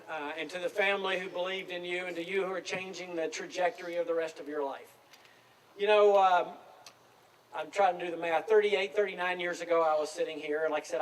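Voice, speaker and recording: A man's voice: fairly high pitch, a little hiss or hum. A man of around 60, speaking outdoors at a graduation and telling self-deprecating stories in an easygoing way. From Tennessee, USA. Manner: relaxed, anecdotal, self-deprecating storytelling. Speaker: commencement speaker. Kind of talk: outdoor commencement speech. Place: outdoor field at a graduation ceremony. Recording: distant speech with faint outdoor ambience.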